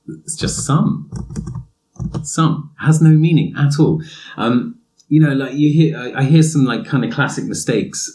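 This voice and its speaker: A man hosting a casual podcast lesson for English learners, talking in a relaxed, musing way with plenty of fillers and restarts. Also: on the low side. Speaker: English teacher and podcast host.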